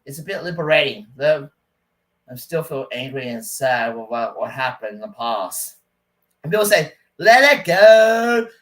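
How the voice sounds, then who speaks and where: Man, fairly high voice, rambling casual rant, stop-start, aggrieved. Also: fairly bright tone, low-quality recording. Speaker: vlogger.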